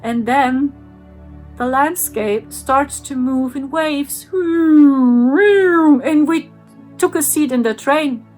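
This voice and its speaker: A woman's voice: high-pitched, extremely slow, darkish tone, faint music behind. A woman, an English speaker, earnestly recounts a strange personal experience and repeats sound effects. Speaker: spiritual channel host. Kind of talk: personal storytelling.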